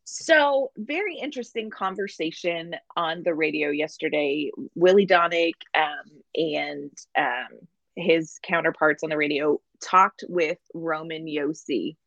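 A woman in her forties co-hosts a casual sports podcast, chatty and emphatic. Her voice sits a little low. It is recorded close and dry, with no room sound. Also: creaky, fairly bright tone, dry recording, highs cut off. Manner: chatty and emphatic, with slowed stresses. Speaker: podcast co-host.

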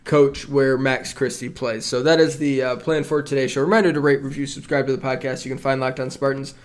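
Calm man hosting a sports podcast. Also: medium pitch. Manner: steady, measured, runs the show's agenda. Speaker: podcast host.

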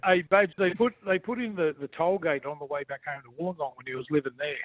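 A man's voice: on the high side, fast talker, dry recording. An older Australian man, a former player calling in, who banters boisterously and teasingly and keeps calling people "mate". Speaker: phone-in guest, former player. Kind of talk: casual banter. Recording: dry tinny phone line.

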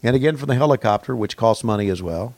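A man with a gravelly, fry-edged voice riffs through a profane mock play-by-play on a podcast. He drops to low mumbles, then jumps to yelling excitement. The sound is close and dry, with little room. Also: fast, dry recording. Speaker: podcast co-host.

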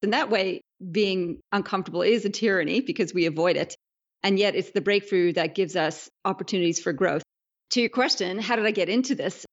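A woman's voice: mid-range voice, a little fast, highs cut off. A Canadian woman, a leadership speaker, joining a podcast interview remotely and reflecting on adventure.

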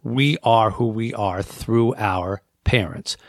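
A man's voice: lowish voice, slow pace, no room sound, clean studio sound. A man hosting a talk show on air, speaking earnestly and acting out inner voices as he lists points. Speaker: radio talk show host.

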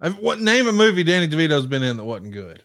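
A man's voice: a little high, big pitch swings, fast talker, a bit bright, no room sound, clean studio sound. A man co-hosting a podcast, reading listener questions aloud and prodding with teasing follow-ups. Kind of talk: casual chat.

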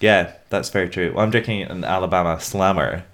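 A man's voice: sits low, fairly bright tone. A man from Scotland with a Scottish accent, co-hosting a podcast in playful, joking banter. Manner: playful, joking, quick to laugh. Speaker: podcast co-host. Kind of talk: casual banter and quiz hosting.

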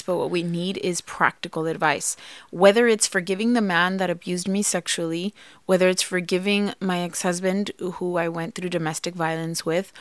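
A woman with a lowish voice co-hosts a podcast, offering earnest, emphatic advice about marriage and forgiveness in a heartfelt talk. There's no echo on the recording.

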